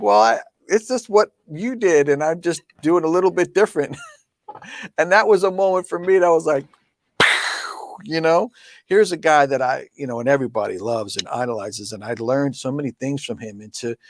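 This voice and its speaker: Animated male drum clinician, dry sound. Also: fairly high pitch, brisk, dry recording. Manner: animated, laughs often, acts out quoted speech. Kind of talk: casual storytelling talk.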